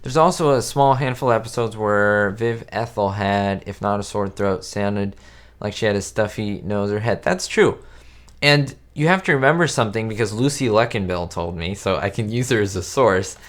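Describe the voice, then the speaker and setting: A chatty man whose first language is Spanish hosts a live-stream chat with a slightly low voice. He rambles, restarts his sentences and greets viewers by name. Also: moderate pace. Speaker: YouTube host answering live chat. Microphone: webcam setup.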